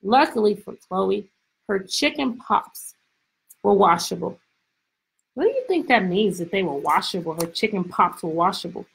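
A woman teacher reading a picture book aloud to her class over a video call, expressive and full of questions. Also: mid-range voice, moderate pace, creaky, husky, poor audio. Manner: lively, expressive, stretches words, asks questions. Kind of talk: storybook read-aloud lesson.

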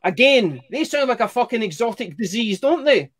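A young Scottish man working through a stand-up set with a wry, deadpan delivery and plenty of swearing. His voice sits very high for a man, and he spins his stories in an unhurried, dry way. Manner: wry, profane, deadpan storytelling. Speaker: stand-up comedian.

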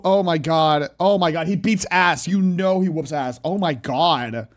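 A young man streaming live, excitedly reacting to a video and chatting with viewers. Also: high voice, measured pace, few pauses. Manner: excitable, talks to chat, frequent loud laughs.

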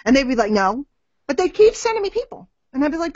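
Answering marketing questions on a live webinar, this middle-aged woman talks fast and with lively energy in a fairly high voice. She dramatizes quick exchanges between different people. There's no room sound, and the dry, a bit dull audio feels like a web call.

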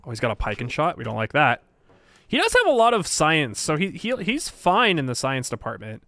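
A man's voice: a little high, huge pitch swings, a little fast, bright, forceful tone, no room sound. A young man casually commentating his strategy game as a streamer, joking, laughing often and talking to himself and his chat.

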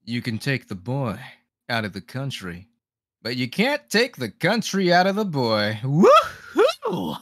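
A man's voice: mid-range voice, wildly swooping pitch, unhurried, a bit bright, pitched below the performer's own voice. A man voicing a brash young man with a put-on American country accent, hammy and whooping.

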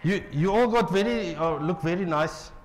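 A middle-aged man with a South African accent preaching a lively sermon in a church, joking with the congregation. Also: high voice, moderate pace. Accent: South African English. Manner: playful, jokes with the congregation. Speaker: pastor.

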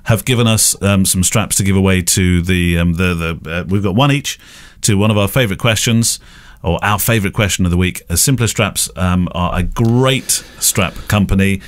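A man with a very deep voice co-hosting a relaxed podcast. He talks in a hesitant, reflective way, full of fillers and restarts as he works through his thoughts. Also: moderate pace, few pauses. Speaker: podcast co-host, wedding photographer. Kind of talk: casual podcast chat.

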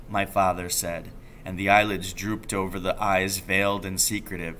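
A male teacher reading a children's book aloud in slow, measured narration. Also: sits low, little pitch movement, fairly bright tone, slight background noise.

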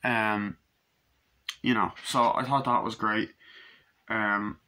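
A man doing a casual movie review, loosely retelling scenes with swearing, many ums and quick quoted lines from the characters. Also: on the low side, steady tone, bright, forceful tone.

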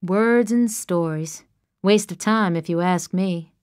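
A woman's voice: on the low side, takes it slowly, darkish tone, smooth, no room sound. Woman reading a brash young farmhand, drawling, teasing, dry close sound, audiobook. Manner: drawling rural speech, teasing. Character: cocky teasing young farm man. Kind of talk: audiobook character voice.

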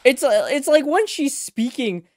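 A man hosting an anime reaction video, talking casually and excitedly, swearing and stammering as he swings from mumbles to loud outbursts. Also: very high-pitched, measured pace. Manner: swears, stammers and repeats words.

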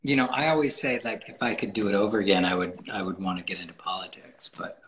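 A man's voice: on the low side, fairly even intonation, quick pace, fairly bright tone, a little hiss or hum, rough recording. Rambling man guest, full of fillers. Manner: rambling, many fillers and restarts. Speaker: photographer guest. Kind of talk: casual interview talk. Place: podcast recording.

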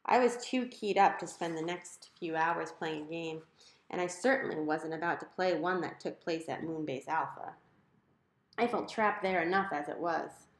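A woman narrating a children's novel aloud in a clear, conversational storytelling manner. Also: sits low, normal speed. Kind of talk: audiobook narration. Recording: roomy echo.

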